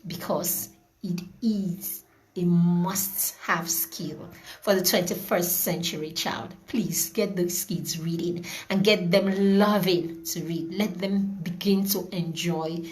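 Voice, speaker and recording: A woman's voice: on the low side, fairly even intonation, slow. Chatty woman hosting an online class. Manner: chatty, greets viewers by name, repeats words. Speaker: parenting class host. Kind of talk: live online class wrap-up.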